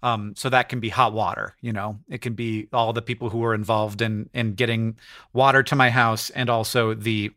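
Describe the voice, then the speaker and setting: Bright, dry-sounding guy cohost, playful and rambly. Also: lowish voice, little pitch movement, moderate pace, dry recording. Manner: musing, playful, with fillers. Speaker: podcast co-host. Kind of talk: casual chat.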